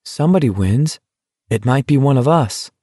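In an audiobook, a man voices a frightened, angry teenage boy, urgent and pleading, pitching slightly above his own voice while staying close to an everyday sound. His medium, mellow voice is animated at a moderate pace, recorded clean in a studio with no room sound.

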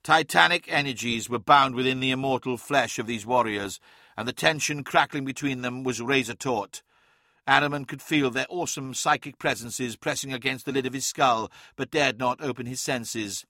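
Gravelly male audiobook narrator. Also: medium pitch, normal speed, pushed and bright, no room sound, clean studio sound. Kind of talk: scripted fantasy narration.

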